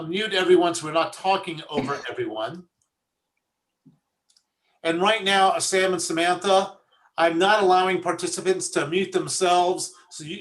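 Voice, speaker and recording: A man's voice: sits high, a bit bright. A man leading an online service as rabbi, chatty and joking with corny puns over a video call. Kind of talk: casual online service hosting.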